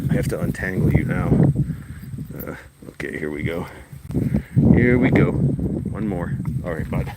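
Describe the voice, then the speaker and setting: Man, lowish voice, coaxing dog talk, casual livestream, phone mic, heavy outdoor noise. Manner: coaxing, talks to his dog like a child. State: out of breath while walking uphill. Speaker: livestream host walking his dog. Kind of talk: casual live vlog talk to dog and viewers. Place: outdoors at a reservoir, walking.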